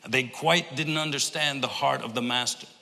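A man's voice: mid-range voice, normal speed, gravelly, pushed and bright, big-room sound. A man preaching a sermon, impassioned, with many repetitions and restarts. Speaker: pastor.

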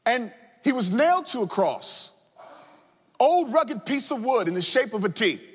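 A man preaching a sermon with impassioned delivery, sung cadences and shouted refrains. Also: very high voice, big pitch swings, a little slow, slightly rough. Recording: long hall reverb.

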